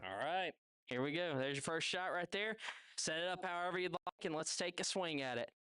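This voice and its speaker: A man's voice: a little high, brisk, bright, forceful tone, clean tone, dry recording. A man with a Southern US accent hosting a live golf competition, giving chatty play-by-play and chatting with contestants. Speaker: event host. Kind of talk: live event commentary. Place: outdoor golf event.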